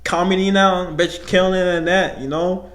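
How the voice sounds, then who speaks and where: A man's voice: high voice, fairly even intonation, moderate pace, a bit bright. A young man hosting his own podcast, rambling casually and profanely, often laughing. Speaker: podcast host. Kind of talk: casual solo podcast rant.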